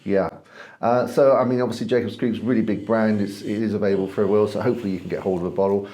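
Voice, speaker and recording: A man's voice: lowish voice, steady tone, very fast, dark tone. A man co-hosting a casual wine-tasting chat, enthusiastic and rambling, trailing off mid-sentence. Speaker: wine review co-host.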